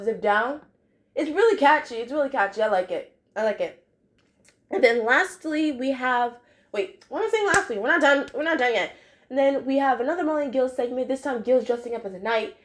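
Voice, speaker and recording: A young woman chatting casually in a review vlog, full of fillers and phrases she repeats. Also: on the high side. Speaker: cartoon episode reviewer.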